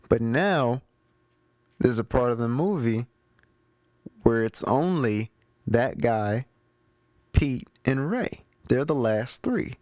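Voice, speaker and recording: A movie review show host chats through the plot in casual slang, addressing his listeners head-on. His mid-range voice is a little mellow, and the studio-quality recording has no echo.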